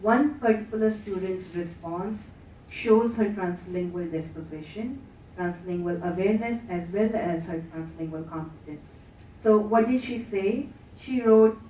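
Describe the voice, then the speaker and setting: A woman's voice: fairly low pitch, warm tone, distant mic, slight background noise. Woman lecturing in an echoey hall. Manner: measured, reads quotes aloud. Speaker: conference plenary speaker. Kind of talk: academic lecture. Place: conference hall. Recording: echoey hall, speaker heard from afar.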